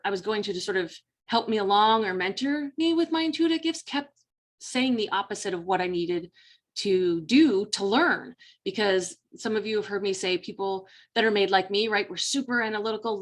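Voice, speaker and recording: Earnest woman life coach, motivational. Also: medium pitch. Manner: earnest, motivational, speaks straight to the listener. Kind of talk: personal story told to camera.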